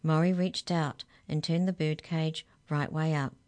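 A woman storyteller reading a children's story aloud in a measured, expressive way. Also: deep voice.

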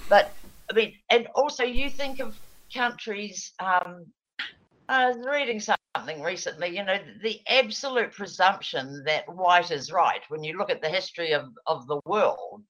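This guest is a former radio presenter from New Zealand, a middle-aged woman whose fairly low, slightly bright voice comes through with the top frequencies trimmed. She wanders from topic to topic in relaxed conversation, laughing frequently.

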